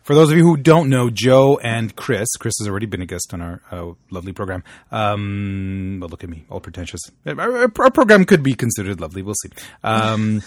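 A man's voice: lowish voice, animated, fairly quick, no echo. A man hosting a casual podcast, reading out listener emails with a playful, jokey manner. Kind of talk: casual chat.

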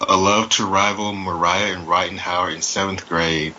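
This man's voice sits very low but carries a bright, forceful edge. He co-hosts a casual podcast and reads listener feedback with amused asides. The sound is dull and lo-fi, like an online call with faint hiss. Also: little pitch movement, normal speed.

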